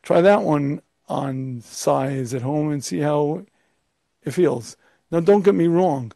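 A man's voice: on the high side, takes it slowly, creaky, mellow, no echo. A man giving an emphatic Torah lecture as a rabbi, firing off rhetorical questions and now and then putting on a pompous, arrogant voice.

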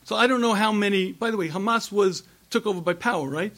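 A middle-aged man giving an impassioned religious lecture, emphatic and repetitive, with rhetorical questions and frequent throat-clearing. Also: high-pitched, quick pace, fairly bright tone. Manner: emphatic, rhetorical questions, repeats phrases for force. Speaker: rabbi giving a talk.

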